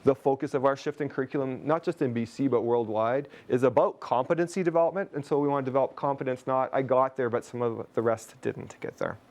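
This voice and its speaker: A man's voice: mid-range voice, fast, hardly any pauses, a little mellow. A man from Canada leading a teacher webinar on a video call, chatty, with jokey asides to his audience. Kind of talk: webinar presentation.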